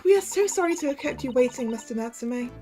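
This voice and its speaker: A woman's voice: high-pitched, expressive, fast talker, mellow, faint music behind. A woman voicing a polite, formal young female assistant. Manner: courteous, formal.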